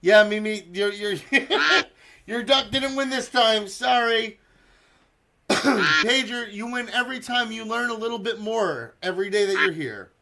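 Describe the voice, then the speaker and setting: Speaking a little slowly in a high, creaky voice, a man hosts a relaxed community-server live stream. He chats with the audience, narrates a duck race, curses freely, and quacks loudly to cheer things on.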